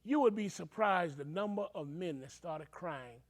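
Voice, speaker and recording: Older preacher guy telling his story, kinda high voice, gets emotional, does voices. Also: expressive, normal speed. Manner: emotional, acts out quoted voices. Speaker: reverend. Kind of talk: personal storytelling.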